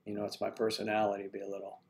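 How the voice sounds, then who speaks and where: A man's voice: fairly low pitch, completely flat delivery, very fast, vocal fry, slight background noise. An older man hosting a casual livestream, greeting viewers by name and rambling while he fumbles with his equipment. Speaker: livestream host.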